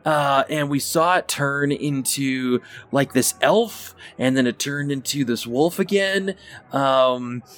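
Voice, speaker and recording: A man narrating as the game master of a tabletop game, chatty and lively with many fillers. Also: mid-range voice, slow pace.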